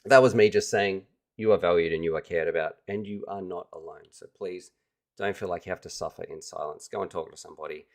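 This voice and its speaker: Low-voiced man hosting a livestream. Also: a little fast. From Australia. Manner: enthusiastic, chatty, addresses viewers directly. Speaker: livestream host. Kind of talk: casual livestream chat.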